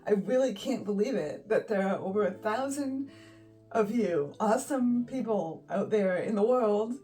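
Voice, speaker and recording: A woman's voice: medium pitch, expressive, unhurried, dark tone, far from the mic, soft background music, rough recording. A woman in her fifties hosting her art channel, giggly and effusive, close to tears and laughing often. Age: 50s. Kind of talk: casual vlog chat. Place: home art studio. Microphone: phone.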